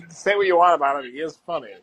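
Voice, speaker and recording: Podcast co-host, young man, husky tone, loose and rambling, swears casually. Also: a little high, fast talker, fairly bright tone. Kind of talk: casual chat.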